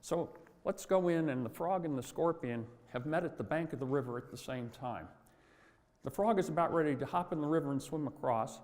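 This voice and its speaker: A man's voice: on the high side, a little fast, a little mellow, big-room sound. An older man giving a motivational talk on workplace culture, telling stories in a folksy way with asides.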